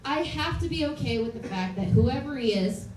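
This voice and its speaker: A woman's voice: sits high, expressive, normal speed, a little mellow. A woman in her late twenties doing a blunt, self-deprecating stand-up comedy set in front of a live audience at a comedy club. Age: late 20s. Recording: distant, roomy, noisy club recording.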